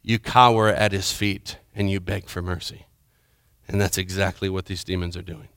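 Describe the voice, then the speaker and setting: A man delivers a sermon with a bright, forceful voice that stays smooth and crisp throughout. He swings dramatically between urgent, raised passages and hushed, low asides. The sound is dry and close. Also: fairly even intonation, moderate pace, no room sound. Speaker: preacher.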